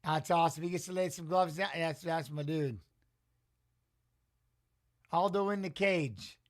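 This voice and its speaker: A man in his forties hosts a live watch-along stream, talking casually and with a lot of excitement. His voice sits fairly high for a man. He keeps stopping to greet viewers and answer their chat messages. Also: a little slow.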